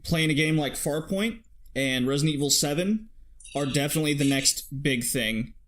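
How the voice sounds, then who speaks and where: This is a male podcast co-host with a slightly high voice. He talks casually with his friends and reads listener mail with lively lifts in pitch. His delivery is chatty and animated. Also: moderate pace. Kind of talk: casual podcast chat, reading a listener review.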